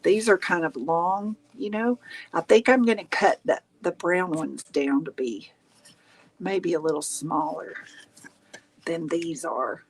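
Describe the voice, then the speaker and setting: A woman's voice: lowish voice, takes it slowly, slight background noise. A middle-aged woman hosting a craft livestream, chatting casually, laughing often and reading viewer comments aloud. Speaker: craft channel host. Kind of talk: casual chat while crafting.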